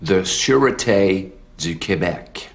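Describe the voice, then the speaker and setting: A man's voice: deep voice, animated, takes it slowly, gravelly, full character voice. An actor playing a defiant male undercover cop with a Québécois French accent who slips into Québécois swearing.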